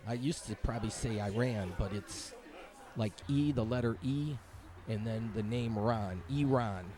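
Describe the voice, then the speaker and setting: A man's voice: medium pitch, a little slow, noisy background. A man vlogging his walk through a night-time city holiday event outdoors, chatting in a rambling, upbeat way about the local sights, with live music playing around him. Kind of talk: casual walk-around commentary.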